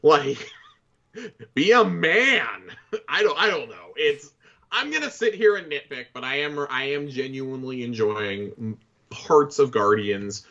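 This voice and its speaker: A man appearing as a podcast guest, chatting casually in an animated, nitpicking way. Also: medium pitch, moderate pace, highs cut off. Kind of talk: casual chat.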